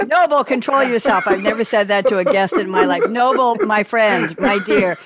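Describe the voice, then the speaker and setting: A woman's voice: medium pitch, moderate pace, a loud crowd. A woman hosting a talk show, playful and teasing with her guests, laughing easily. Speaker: podcast host. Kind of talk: casual chat.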